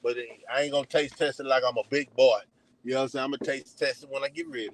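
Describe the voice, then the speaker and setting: A man's voice: mid-range voice, little pitch movement, quick pace, poor audio. A Texan man livestreaming from his car at a donut shop drive-thru, talking loosely and slangily as he drifts between topics. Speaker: livestream host. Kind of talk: casual rambling livestream chat.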